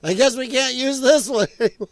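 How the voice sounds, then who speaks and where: A man's voice: extremely high pitch, no room sound. A man hosting a casual reaction stream, laughing often and chatting loosely. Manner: laughs often, slow and relaxed. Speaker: host reacting to clips.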